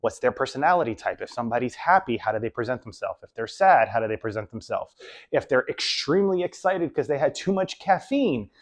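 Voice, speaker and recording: A man's voice: mid-range voice, lively intonation, a little fast. Rambling man giving casual advice. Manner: rambling, repeats "so on and so forth". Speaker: video host. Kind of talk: casual advice talk to camera.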